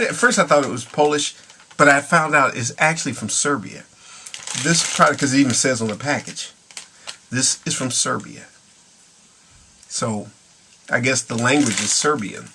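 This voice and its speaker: A man's voice: mid-range voice, noisy background. A middle-aged man talking casually to camera in a rambling, chuckling way, now and then slipping into Spanish phrases. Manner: rambling, chuckling, drifts between English and Spanish. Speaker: vlogger.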